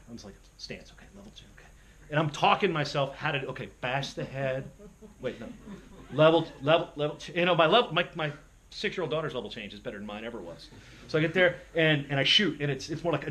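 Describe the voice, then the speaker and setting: A man telling self-deprecating stories to an audience in an animated, lively speaking style. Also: medium pitch. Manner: animated, self-deprecating, jumps into voices for quotes. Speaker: motivational speaker. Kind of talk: storytelling speech to an audience.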